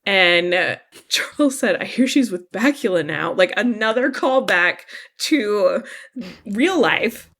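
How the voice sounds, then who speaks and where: A woman with a middle-pitched voice, co-hosting a podcast in casual chat. She talks earnestly and thoughtfully, rambling a little as she works through her take on an episode. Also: expressive, slow pace, fairly bright tone. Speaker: podcast co-host.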